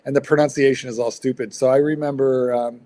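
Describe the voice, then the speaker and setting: A man's voice: medium pitch, fairly even intonation, quick pace, mellow. Blunt rambling man. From United States. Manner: rambling and blunt, swears freely, many fillers. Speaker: livestream host. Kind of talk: casual chat.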